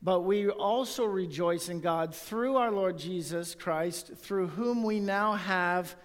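A man's voice: sits high, slow pace, long reverb tail. A male pastor preaching a sermon and reading scripture aloud, in an earnest tone.

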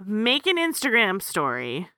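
Animated teasing co-host, woman, lively pitch, bright tone. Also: no echo, clean studio sound. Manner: animated, teasing, quick to correct. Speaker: podcast co-host. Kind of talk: casual chat.

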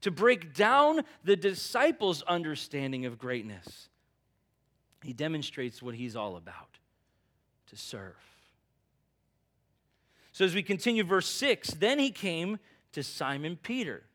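Earnest preacher with a higher male voice. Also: big pitch swings, measured pace, pauses often, fairly bright tone. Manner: earnest, emphatic, conversational preaching. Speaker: pastor. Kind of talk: sermon.

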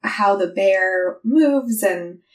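A woman's voice: medium pitch, animated, drawn-out words, distant mic. Emotional woman summarizing a book, echoey room. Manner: emotional, summarizing plot in long run-on sentences. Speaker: podcast co-host. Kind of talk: casual book-discussion podcast.

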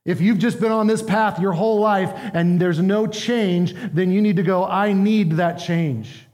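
A man's voice: sits high, steady tone, normal speed, a little mellow, long reverb tail. A man preaching a sermon as pastor, earnest and emphatic, asking his listeners questions.

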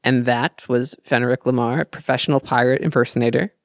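A man co-hosting a fan podcast in casual chat, delivering crude jokes deadpan and often laughing. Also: medium pitch, a little fast, vocal fry, no room sound, clean studio sound. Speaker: podcast co-host.

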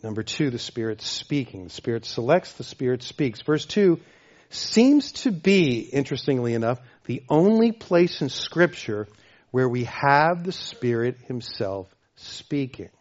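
A man preaching a sermon as pastor, emphatic, repeating phrases and swinging between loud and soft. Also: medium pitch, sing-song, a little slow, dull audio. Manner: emphatic, repeats phrases, varies loudness widely.

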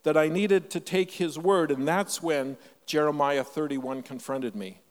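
An older man from Canada preaching a sermon, telling a personal story with emphatic shifts between loud and soft delivery. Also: a little high, a little slow, big-room sound. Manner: storytelling, emphatic, varies loudness widely. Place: church.

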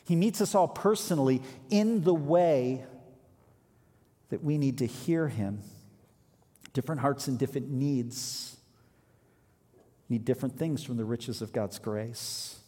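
A man's voice: mid-range voice, unhurried, long pauses, warm tone. A man preaching a sermon, reading scripture aloud and then explaining it with emphatic rises in his voice. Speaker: pastor. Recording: reverberant hall.

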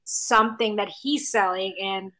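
A woman co-hosting a podcast in relaxed, agreeable casual chat. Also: medium pitch, a little slow. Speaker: podcast co-host.

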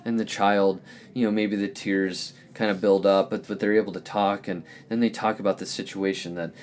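A man hosting a podcast, giving a reflective spiritual teaching in an earnest, gentle, searching way. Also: lowish voice, level tone, moderate pace, a little hiss or hum. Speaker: podcast host.

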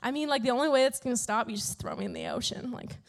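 A man's voice: very high-pitched, huge pitch swings, fast, exaggerated voice. A woman voicing a laid-back young male prophet who talks in easygoing slang. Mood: nonchalant. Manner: slangy, nonchalant.

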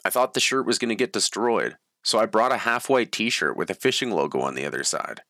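A man's voice: on the low side, sing-song, a little fast, bright, forceful tone, no echo, clean studio sound. A man reading his own story aloud in a plain, matter-of-fact way. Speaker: memoir reader.

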